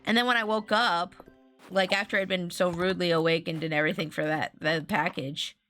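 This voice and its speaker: Chatty woman streamer, bright lower voice. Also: fairly even intonation, a little fast. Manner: rambling, chatty, often restarting sentences; talks to viewers and reads chat aloud. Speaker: streamer playing a farming game. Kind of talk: casual live-stream chatter. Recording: faint game music underneath.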